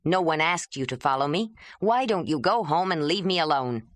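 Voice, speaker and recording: Brief: woman doing a grieving young man, defiant, emotional, low and expressive. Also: normal speed, no room sound. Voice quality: pleading, emotional. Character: proud young man, grieving, restless wanderer.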